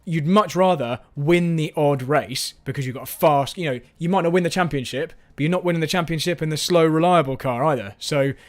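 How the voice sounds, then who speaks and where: A man's voice: on the high side, brisk, few pauses. A man hosting a casual live-stream chat, rambling and self-mocking, with frequent restarts. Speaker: host.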